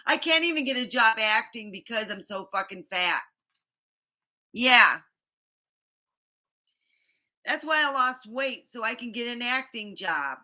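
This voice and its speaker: A woman's voice: fairly high pitch, animated, measured pace, pauses often, sharp tone. A woman vlogger ranting to the camera, frustrated, rambling and swearing often. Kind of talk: venting to camera.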